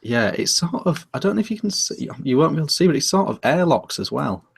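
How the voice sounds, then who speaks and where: A man's voice: a little high, very animated, fast, vocal fry, breathy edge. A British man co-hosting a casual podcast, talking loosely with many fillers and restarts. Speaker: podcast co-host. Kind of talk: casual chat.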